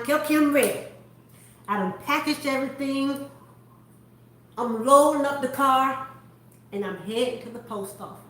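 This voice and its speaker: A woman hosts a faith-based talk and tells a story with plenty of animation. Her voice sits fairly high, and she acts out each character as she goes. The recording carries a heavy room echo. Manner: animated storyteller acting out other people. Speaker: host. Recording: echoey room.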